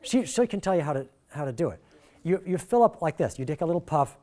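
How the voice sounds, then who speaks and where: A middle-aged man leading a workshop, talking in a jokey, animated way and swinging his pitch and volume a lot. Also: fast talker. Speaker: workshop presenter. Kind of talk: lively workshop talk.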